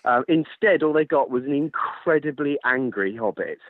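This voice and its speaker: A man telling a running story in casual chat, animated, swearing and laughing as he goes. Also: medium pitch, normal speed, dry recording. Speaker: ultrarunner guest. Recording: tinny phone-line sound, dry.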